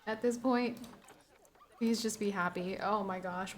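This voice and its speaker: A woman's voice: mid-range voice, little pitch movement, moderate pace, a little hiss or hum. A woman streaming a game live, chatting to viewers and scolding and pleading with the game animals, laughing at herself as she goes. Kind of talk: live gameplay stream commentary.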